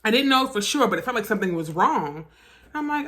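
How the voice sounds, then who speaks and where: A woman vlogger telling a personal story in a casual storytime style, animated, profane and emphatic. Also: a little high, a little fast.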